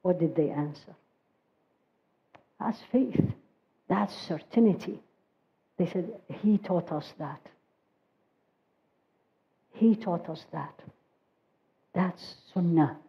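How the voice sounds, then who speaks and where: A woman giving a religious talk, telling stories with feeling and reciting Arabic verses quickly. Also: on the low side, vocal fry, dull audio. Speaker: religious teacher. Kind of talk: sermon storytelling.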